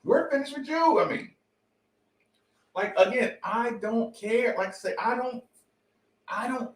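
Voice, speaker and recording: A high-pitched man with a drawl rants on a sports talk show, swearing and circling back over his points. His voice rings around an echoey room. He sits a little back from the mic. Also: lively intonation, measured pace, far from the mic. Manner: fired-up, profane, repetitive. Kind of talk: heated sports talk rant.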